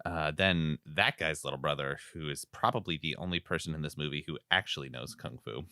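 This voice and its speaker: A man co-hosting a podcast, recapping a movie in casual chat and telling it in an animated way. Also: very deep voice, fairly quick, creaky, no echo, clean studio sound. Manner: animated storyteller, jumps into silly voices. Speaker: podcast co-host.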